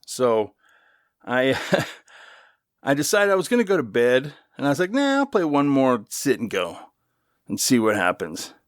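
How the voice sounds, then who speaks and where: A middle-aged man rambles through a story on his own podcast, easygoing and a little profane, with plenty of asides. His voice sits at an ordinary pitch and is recorded dry and close, with almost no room sound. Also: big pitch swings, a little slow, pauses often, no echo. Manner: loose and chatty, with swearing and asides. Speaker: podcast host. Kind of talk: casual storytelling monologue.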